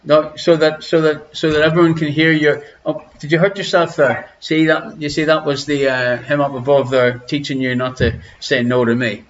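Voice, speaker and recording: A man's voice: on the high side, fairly even intonation, moderate pace, hardly any pauses, a little hiss or hum. An Irish man hosting an online quiz show from his living room, chatting and teasing viewers as he greets them by name. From Ireland. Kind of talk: casual live-stream chat. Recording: lo-fi home stream audio.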